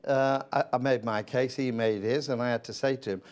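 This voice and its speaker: Older guy, blunt anecdote-teller, plain mid-pitched voice. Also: a little fast. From England. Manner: blunt, lively storyteller. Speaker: interview guest, retired politician. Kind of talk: anecdotal storytelling.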